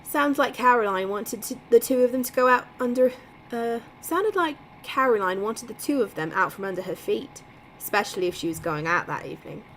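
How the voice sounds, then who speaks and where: A woman's voice: a little high, animated, fairly quick, a little hiss or hum, natural voice, rough recording. A woman voicing an inquisitive English woman who asks pointed questions in an English accent. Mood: probing.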